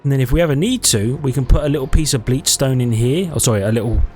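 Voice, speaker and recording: A man's voice: mid-range voice, fast, a little mellow, soft background music. A man giving casual let's-play commentary, thinking aloud in a chatty way and correcting himself as he goes. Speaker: gaming YouTuber.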